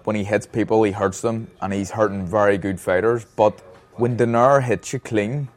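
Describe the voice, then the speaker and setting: Measured man from Ireland, low voice. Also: steady tone. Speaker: podcast co-host, former boxer. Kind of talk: casual chat.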